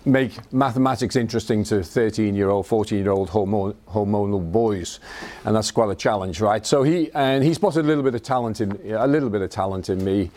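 A man's voice: lowish voice, a little mellow. Scouse man giving an anecdotal talk. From Liverpool, England. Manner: anecdotal, self-deprecating, halting restarts. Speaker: invited speaker. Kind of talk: evening talk to an audience.

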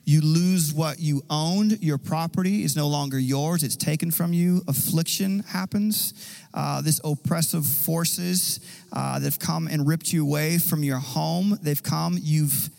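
Gravelly-voiced pastor preaching in a hall. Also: male voice, a little high, a little slow, a little mellow. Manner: earnest, conversational preaching. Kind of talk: sermon.

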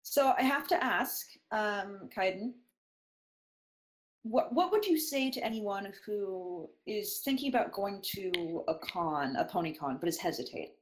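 A woman's voice: medium pitch, lively intonation, a little slow, rough recording. A woman co-hosting a podcast, teasing the others in a playful way. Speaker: podcast co-host. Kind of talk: casual group chat.

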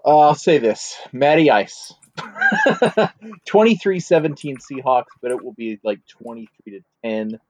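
A man's voice: mid-range voice, wildly swooping pitch, a little slow, no room sound. A man co-hosting a sports podcast, bantering wryly and joking about his own picks. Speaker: podcast co-host. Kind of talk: casual sports chat.

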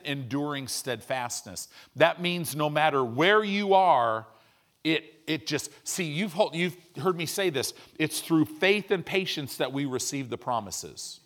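A man's voice: fairly high pitch, fairly bright tone. A man pastor preaching a sermon, asking his congregation questions and building to emphatic peaks.

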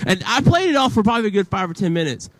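A young man preaching to teenagers like he's telling a story to friends. He has a fairly high voice that swings all over as he acts out quotes. The sound is dry and close. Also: big pitch swings, very fast, dry recording. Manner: casual, chatty, many "like" fillers, acts out quotes. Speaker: youth pastor.

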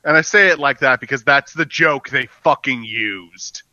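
A man co-hosting a podcast, retelling a cartoon in an animated, profane, jokey way. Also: mid-range voice, moderate pace, dry recording, lo-fi sound. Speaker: podcast co-host. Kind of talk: casual chat recapping a cartoon.

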